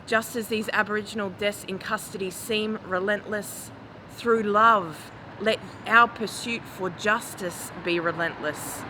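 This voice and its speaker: Slow, grave woman reciting poetry. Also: medium pitch. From Australia. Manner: measured, grave delivery rising to impassioned calls. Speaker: spoken word poet. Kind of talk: spoken word poetry. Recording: noisy recording with traffic ambience.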